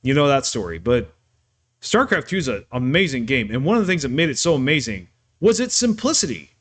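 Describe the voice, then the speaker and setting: A man talking off the cuff on his live stream, ranting and yelling at times, with many restarts and fillers. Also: mid-range voice, big pitch swings, a little fast.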